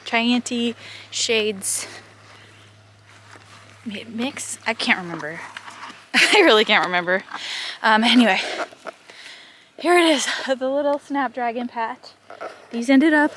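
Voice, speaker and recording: Woman vlogging outside on her farm, kinda out of breath, chatty and rambly, bit of outdoor noise. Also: fairly high pitch. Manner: chatty, laughs often, rambling asides. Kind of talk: casual vlog chat.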